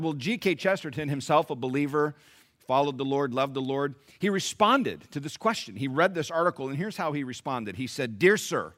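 A middle-aged male pastor preaching, his voice a little high for a man and sharply bright. He surges into loud, emphatic passages, then drops to quiet, low asides, and keeps calling out questions to the congregation. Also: animated, a little fast. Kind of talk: sermon.

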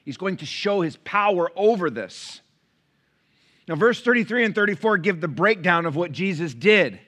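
A pastor preaches from the pulpit, a man with a voice pitched slightly high and a bright, forceful tone. His delivery is lively and animated, and his pitch swoops widely as he acts out the voices of people in his stories. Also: normal speed. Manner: animated storytelling, acting out quoted voices. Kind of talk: sermon. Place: church sanctuary. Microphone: pulpit mic.

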